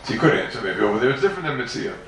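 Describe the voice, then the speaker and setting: In a very fast, gravelly, mid-range voice, a man teaches Talmud yeshiva-style, sing-song and emphatic, questioning constantly and repeating himself often. Slight background noise and roomy echo are present, and he's distant from the mic.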